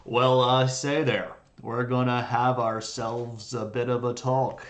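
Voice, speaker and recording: A man's voice: medium pitch, fairly even intonation, takes it slowly, lightly acted. A congested man putting on a drawling cowboy movie-star voice. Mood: folksy. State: congested from blocked sinuses.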